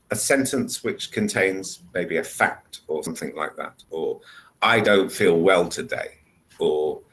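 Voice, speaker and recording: A man's voice: low voice, a bit bright. A man tutoring English one-on-one over a video call, patiently explaining step by step. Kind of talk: one-on-one online lesson.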